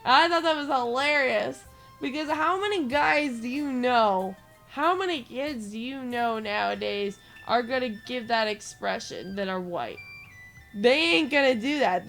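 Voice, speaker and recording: A young woman hosting a gaming channel, telling a rambling story with lots of filler words and getting animated as she goes. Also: a little high, normal speed, vocal fry, soft background music. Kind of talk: casual rambling commentary over gameplay.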